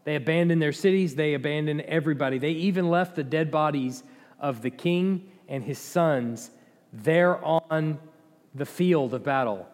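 A man's voice: a little high, normal speed. Man giving a Bible lesson in a reverberant hall. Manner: conversational, with restarts and dry asides. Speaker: Bible teacher. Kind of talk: informal Bible teaching.

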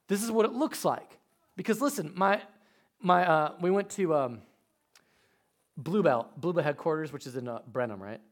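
A man, preaching a sermon with animated storytelling that swings from quiet to loud. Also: high-pitched, moderate pace. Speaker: pastor.

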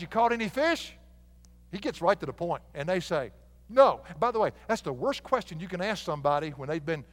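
Older male preacher, high voice, folksy and animated, long hall reverb. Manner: folksy, animated, laughing at his own jokes. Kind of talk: sermon.

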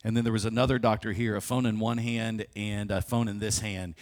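A man's voice: lowish voice, little pitch movement, brisk. A man preaching a sermon, telling a personal story vividly and often restarting his phrases. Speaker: pastor. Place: church sanctuary.

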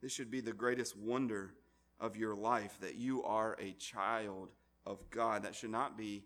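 A man's voice: on the low side, steady tone, measured pace, fairly bright tone. A man preaching a sermon to a congregation, emphatic, with frequent restarts and rising exclamations. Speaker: pastor.

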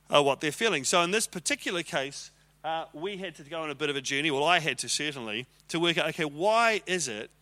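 A man's voice: fairly high pitch, sharp tone. A man teaching on leadership in a conversational sermon style, acting out arguments with quoted voices.

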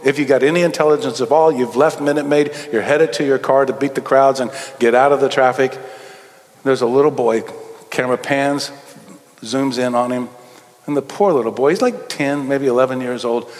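A middle-aged man, preaching a sermon as a pastor and telling stories, moving between quick asides and slow, emphatic phrases. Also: medium pitch. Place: church sanctuary. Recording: long hall reverb.

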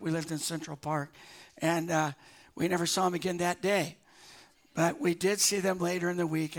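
Man, pastor, high voice, chatty storytelling sermon, restarts. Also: fairly bright tone. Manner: conversational, with restarts and fillers.

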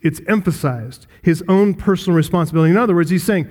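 A man's voice: high-pitched, fast, hardly any pauses, darkish tone. A man pastor preaching an expository sermon, earnest, with rhetorical questions to the congregation.

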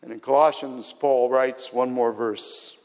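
A man's voice: medium pitch, fairly even intonation, unhurried, a little mellow. A man preaching a sermon in a church, speaking earnestly and building to emphatic peaks. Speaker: pastor. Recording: long hall reverb.

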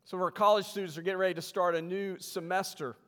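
A man preaching as pastor in a church sanctuary, reading scripture slowly and then talking with humor in a conversational way. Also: sits high, level tone, fairly bright tone. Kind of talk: sermon. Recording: long hall reverb.

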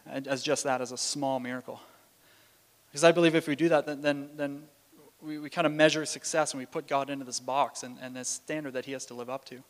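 A man's voice: medium pitch, steady tone, fairly quick. Man preaching in a reverberant hall. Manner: storytelling with frequent restarts and fillers. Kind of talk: sermon.

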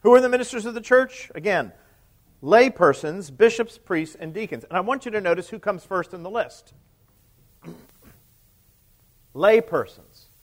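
With lively intonation, a slightly slow pace and frequent pauses, a male priest gives a conversational sermon. He asks the congregation questions and lets his voice drop low and quiet at the ends of quoted lines.

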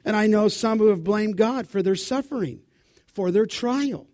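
A high-voiced man preaching in church. He quizzes his listeners and fills in the answers himself, then lifts into loud, dramatic scripture reading. The recording is close and dry, with almost no room sound. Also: normal speed, no echo. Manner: asks the congregation questions and answers them; dramatic Bible reading, rising loud for quotes. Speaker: pastor. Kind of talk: sermon.

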